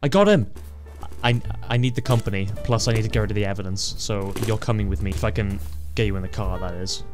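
A man giving excitable let's-play commentary, stammering, swearing and laughing often. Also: fairly low pitch, quick pace, music in the background. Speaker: gaming channel host.

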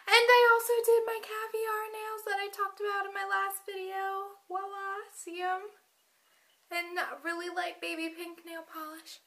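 A young woman chats breezily about her look, her voice very high and bright. She talks in a bubbly, scattered way, tossing off little excited asides. The sound rings a bit in an echoey room at home. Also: a little slow. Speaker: vlogger. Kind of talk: casual outfit vlog.

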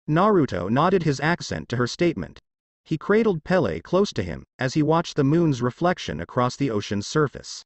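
A man's voice: fairly high pitch, very animated, normal speed, no room sound. A man reading fanfiction aloud as a storybook narrator, voicing every character.

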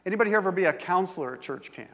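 A man delivers a sermon from the pulpit, talking easily and animatedly with his congregation. His voice sits high for a man. A long reverb trails his words through the large church sanctuary. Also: very fast. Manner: conversational, animated preacher who involves the congregation. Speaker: pastor.

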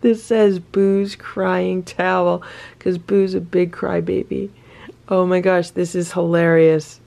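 A woman's voice: lowish voice, level tone, slow, gravelly, dark tone. A middle-aged woman hosting a cat video, opening gifts in casual chat and gushing with delight, sometimes dropping to a whisper or cooing at her cat. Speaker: cat rescue video host. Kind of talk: casual unboxing chat to camera.

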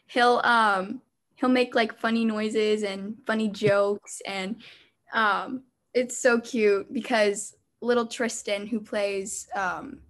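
A young actress answering interview questions, hesitant and full of ums and likes. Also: female voice, fairly high pitch, fairly bright tone.

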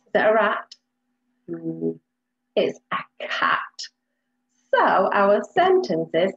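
A woman teaching a recorded phonics lesson to young children, sounding out words slowly and clearly. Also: medium pitch, lively intonation, fairly bright tone, highs cut off. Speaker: reception class teacher.

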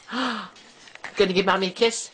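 A woman's voice: medium pitch, slow pace, fairly bright tone. A woman at home coaxing her pet in sing-song baby talk, with frequent gasps and laughs. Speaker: pet owner talking to her bird. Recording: noisy home camera recording.

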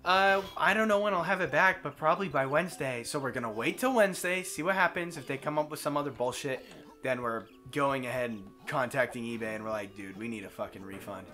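A man hosting a gaming video, telling a long story in a casual, animated way, acting out quotes and swearing freely. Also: medium pitch, fast, soft background music. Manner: animated, profane storyteller who acts out quotes. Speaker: let's play host.

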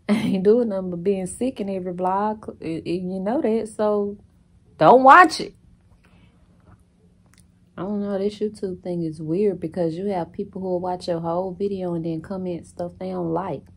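Husky-voiced woman vlogging bluntly. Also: lowish voice, steady tone, moderate pace, warm tone. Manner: blunt and chatty, swears freely; laughs often while talking. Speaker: lifestyle vlogger. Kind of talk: casual chat to camera.

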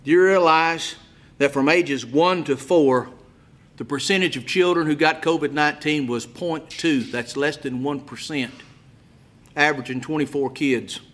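Evangelist, man, high and cutting delivery, hushed-to-shouting sermon, recorded live in a roomy church. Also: normal speed. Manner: impassioned, rhetorical questions, swings from hushed to near-shouting. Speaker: evangelist preacher. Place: church auditorium. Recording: echoey church room with faint ambience.

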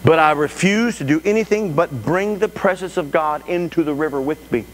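A man preaching a sermon as pastor to a live congregation, talking in an animated way with frequent restarts. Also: on the high side, moderate pace. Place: church sanctuary before a congregation. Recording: echoey church hall with faint hum.

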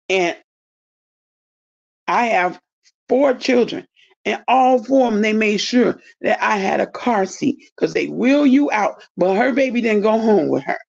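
A woman in her fifties talks straight at her viewers in an indignant, blunt way and swears freely. Her voice is gravelly and a little husky. The audio sounds dull and lo-fi. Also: mid-range voice. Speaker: commentary vlogger. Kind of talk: casual commentary.

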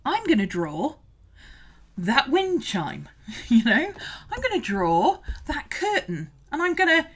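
A woman's voice: high-pitched, huge pitch swings, slow pace, fairly bright tone. A woman hosting a casual art livestream, chatting and greeting viewers, laughing often. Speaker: art teacher and livestream host.

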